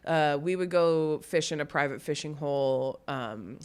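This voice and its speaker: A woman from Nevada, a stand-up comedian and podcast guest, chatting casually and telling lively stories with acted-out quotes. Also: deep voice, clean tone. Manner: animated storyteller, quick to act out quotes. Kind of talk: casual chat.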